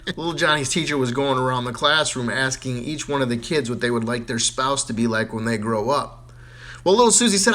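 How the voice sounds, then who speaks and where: A man casually telling a string of jokes in a relaxed storytelling manner, with a few fillers. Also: medium pitch, fairly quick. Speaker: joke teller.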